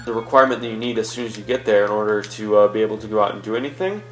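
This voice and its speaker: A man's voice: fairly low pitch, rapid-fire, a bit bright, soft background music, poor audio. A young man hosting a let's-play, chatting casually and rambling through a story with many fillers. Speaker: gaming channel host.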